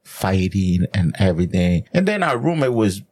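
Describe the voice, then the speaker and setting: A man co-hosting a podcast in casual chat, telling stories in a profane, animated way. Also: low-pitched, moderate pace. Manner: profane, animated storytelling, many restarts. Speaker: podcast co-host.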